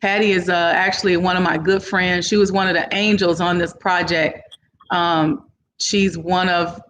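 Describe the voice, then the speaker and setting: A woman's voice: on the low side, unhurried, slight background noise. A businesswoman guest in an interview, casually telling a long story and acting out what people said to her, with informal phrasing. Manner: animated, acts out other people's lines in the story. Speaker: entrepreneur guest.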